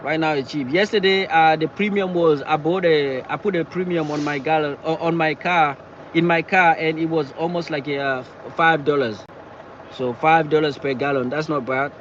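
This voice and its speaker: A man chatting casually on a live stream from his car, talking in halting bursts and repeating himself as he answers viewers. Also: a little high, fairly even intonation, fairly bright tone, muffled recording, slight background noise. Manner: halting, repeats words and phrases often. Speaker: livestreamer reading viewer chat. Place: in or beside a parked car.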